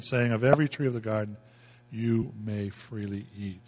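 A man's voice: mid-range voice, fairly even intonation, moderate pace, creaky, big-room sound. A male pastor preaching a folksy, emphatic sermon, repeating himself as he explains scripture.

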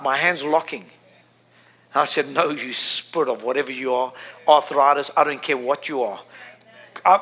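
A man's voice: on the high side, bright, forceful tone. A middle-aged man preaching a sermon, impassioned and repetitive, building to emphatic peaks.

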